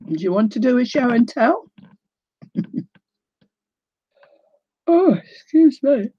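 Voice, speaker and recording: A woman's voice: a little high, lively intonation, takes it slowly, pauses often, breathy edge, no room sound, lo-fi sound. An older woman from New Zealand with a New Zealand accent, hosting a craft livestream in casual chat, greeting viewers by name and laughing often.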